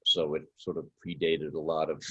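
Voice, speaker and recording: A man, a puppeteer guest, talking in a halting, rambling way in a casual chat. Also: rumbling low, flat delivery, sharp tone, slightly rough. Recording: dry, dull lo-fi audio.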